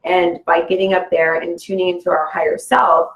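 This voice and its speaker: Rambling low-voiced woman in an echoey room. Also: little pitch movement, normal speed, muffled recording. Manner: rambling, full of "like" and "you know". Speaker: guest. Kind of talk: casual spiritual conversation.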